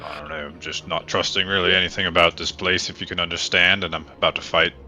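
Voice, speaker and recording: A man's voice: low voice, level tone, quick pace, sharp tone, faint music behind. A man playing his character in a tabletop game, easygoing and hesitant, with many fillers. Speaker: player.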